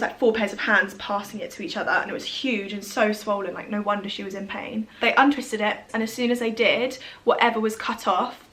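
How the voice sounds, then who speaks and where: A woman's voice: medium pitch, fairly bright tone. A young woman, telling a personal story to camera in a chatty way, full of "like" and "literally". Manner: chatty, frequent fillers like "like" and "literally". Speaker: vlogger.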